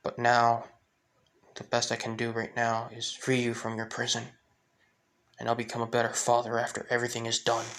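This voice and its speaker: A man's voice: mid-range voice, monotone, normal speed, a bit bright, a little hiss or hum, natural voice. A man voicing a young male hero, a devoted husband and father, speaking earnestly in a fan story retelling. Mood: anguished. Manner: earnest, vengeful.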